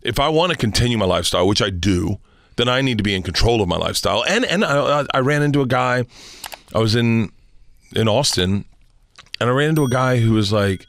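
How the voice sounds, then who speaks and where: A man's voice: mid-range voice, lively intonation, brisk, a bit bright, no echo. A middle-aged man from Florida, a touring comedian telling a personal story as a guest in casual, profane, rambling chat.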